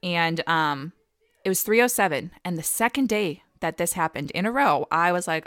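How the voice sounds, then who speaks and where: A woman co-hosting a casual faith podcast, telling animated stories and laughing often. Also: on the low side, moderate pace, no echo, studio quality. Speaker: podcast co-host.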